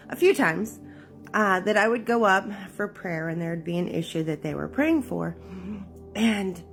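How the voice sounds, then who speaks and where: Low-pitched gravelly woman telling her story. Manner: candid, halting with fillers, emotional. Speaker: memoir narrator. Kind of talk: personal testimony, casual storytelling.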